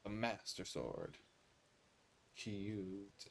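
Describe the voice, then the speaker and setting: A man's voice: lowish voice, lively intonation, extremely slow, vocal fry, slight background noise. A man with an American accent streaming a video game, chatting casually and sassily to viewers. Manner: chatty, sassy, reads game dialogue aloud. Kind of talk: casual live game commentary.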